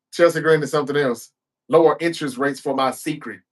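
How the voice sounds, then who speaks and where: Man recapping wrestling, acting out lines. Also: on the high side. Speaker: show host.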